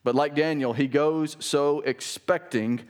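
A man's voice: fairly high pitch, steady tone, unhurried. A man preaching a sermon as pastor, earnest and emphatic, pushing up on stressed key words. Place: church sanctuary.

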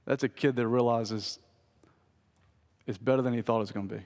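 A man's voice: medium pitch, steady tone, fairly quick, darkish tone. A man, a pastor preaching a sermon in a conversational, storytelling way. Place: church sanctuary. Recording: long church hall reverb.

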